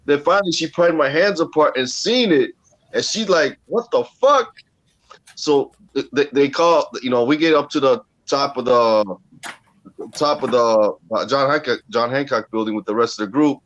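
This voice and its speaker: A man's voice: medium pitch, normal speed, lo-fi sound. A man from the Chicago area telling a story in casual chat, swearing freely and acting out the scenes. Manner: animated, profane, acts out the story loudly. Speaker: co-host.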